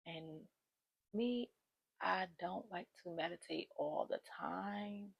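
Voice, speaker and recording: A woman's voice: fairly low pitch, takes it slowly, creaky, breathy edge, lo-fi sound. A young woman vlogger talking straight to her viewers, giving casual self-help advice in a chatty, informal way.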